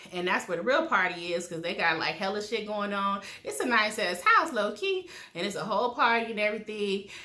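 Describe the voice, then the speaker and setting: Bright-voiced woman, gossipy and profane episode recap, roomy echo. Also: medium pitch. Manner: blunt, profane, animated storytelling with quoted asides. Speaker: TV recap vlogger.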